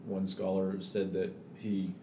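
A man's voice: sits low, monotone, slow pace, mellow. A man co-hosting a casual religious discussion, chiming in with brief joking asides. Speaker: podcast co-host, teacher. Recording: echoey room, voice from a distance, faint noise.

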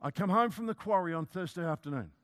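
A man's voice: high-pitched, expressive, quick pace, a bit bright. Older man telling a humorous sermon story. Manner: humorous, self-mocking storytelling. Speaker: preacher.

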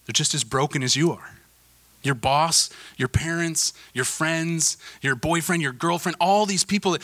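Male pastor, thirties, sermon delivery, bright forceful tone, earnest with emphatic swells. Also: on the high side. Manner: earnest, building to emphatic peaks then dropping soft.

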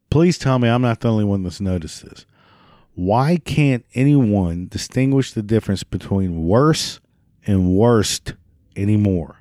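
A man's voice: on the low side, animated, a little slow, mellow, no echo, studio quality. A man ranting in a sarcastic, mocking, profane monologue. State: prone to coughing fits.

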